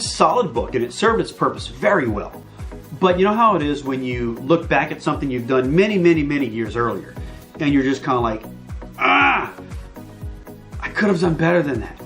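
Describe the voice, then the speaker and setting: A middle-aged man talks straight to camera in a relaxed vlog, chatty and self-deprecating, tossing in playful asides. His voice sits a touch higher than most men's, with faint music behind him. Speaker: author promoting his book series. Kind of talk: casual direct-to-camera vlog.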